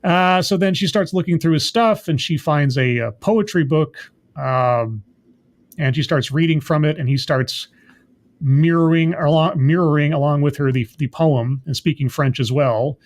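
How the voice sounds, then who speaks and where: Higher-voiced man reviewing a show. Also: normal speed. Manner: thinking aloud, hesitant and self-questioning. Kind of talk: casual episode review.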